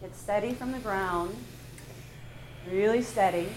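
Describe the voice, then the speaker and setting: A woman teaching a live yoga class, giving calm pose and breath cues with playful laughs. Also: mid-range voice, measured pace, noisy background. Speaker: yoga instructor. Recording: echoey room.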